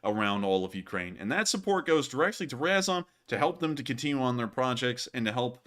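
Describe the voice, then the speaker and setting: Bright-voiced man telling a story. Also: mid-range voice, fairly quick. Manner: animated storyteller, says y'all. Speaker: host of a war news livestream. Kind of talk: casual livestream chat.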